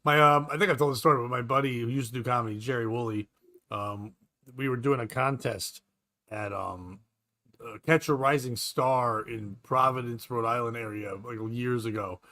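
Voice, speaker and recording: A man, co-hosting a casual podcast chat, telling stories loudly and swearing freely. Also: mid-range voice, normal speed. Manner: loud, animated storyteller, swears freely, does voices. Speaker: podcast co-host.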